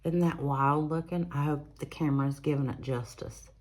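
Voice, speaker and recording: This adult coloring channel host talks casually over her finished pages, easygoing, with fillers and self-corrections. She has a deep voice at normal speed and records at home using a phone on an arm mount.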